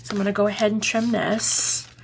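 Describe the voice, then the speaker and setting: A woman's voice: medium pitch, steady tone, fairly quick, creaky, a little hiss or hum. A woman with a Boston accent hosting a casual crafting tutorial, chatty and rambling, correcting herself and checking that viewers are following along.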